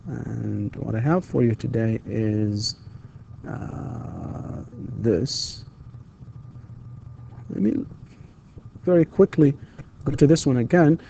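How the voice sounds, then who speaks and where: A man's voice: mid-range voice, creaky, mellow. Man teaching English grammar. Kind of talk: recorded distance-learning grammar lecture.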